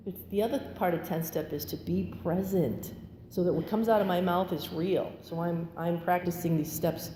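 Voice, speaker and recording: Woman, recovery meeting speaker, candid testimony, animated, echoey hall, faint room ambience. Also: fairly low pitch, moderate pace, slight background noise. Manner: candid, animated, acts out quotes with laughter. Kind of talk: personal testimony.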